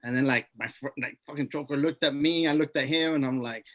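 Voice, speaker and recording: A man's voice: medium pitch, fairly quick. A man who is a podcast guest, telling a rambling, profanity-laced party story.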